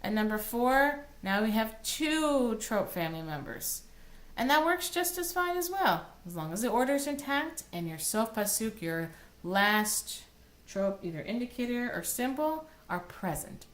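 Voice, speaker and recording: A woman's voice: fairly high pitch, sing-song, unhurried. A woman cantor teaching Torah cantillation, explaining plainly and breaking into short sung chant phrases. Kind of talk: recorded online lesson.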